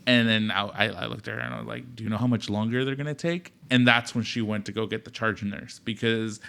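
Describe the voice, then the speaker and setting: A man's voice: on the low side, steady tone, quick pace, creaky, fairly bright tone. A young man co-hosting a podcast, recounting a shared story with frequent restarts and quoted lines. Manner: hesitant, restarts, acts out quotes. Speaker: podcast co-host. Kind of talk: casual storytelling chat.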